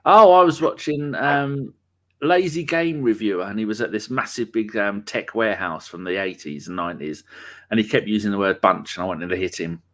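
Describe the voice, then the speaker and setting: A man's voice: lowish voice, brisk, a bit bright. Chatty man hosting a podcast. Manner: chatty, rambling, jokey, with many fillers. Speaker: podcast host. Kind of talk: casual live podcast chat.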